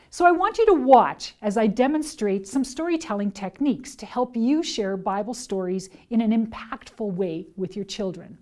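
A woman training teachers and parents, speaking in a clear, deliberate, teacherly way. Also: on the high side, warm tone. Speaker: children's ministry trainer. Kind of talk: instructional talk to teachers and parents.

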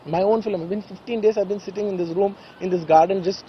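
Fast-talking emotional man. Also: high voice, steady tone, highs cut off. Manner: earnest, emotional, repeats phrases insistently. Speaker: speaker at a press conference. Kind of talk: emotional press statement.

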